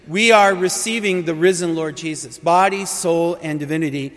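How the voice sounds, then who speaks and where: A man's voice: fairly high pitch, moderate pace, fairly bright tone. Earnest preacher man in a reverberant hall. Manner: storytelling, earnest and emphatic. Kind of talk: conversational sermon.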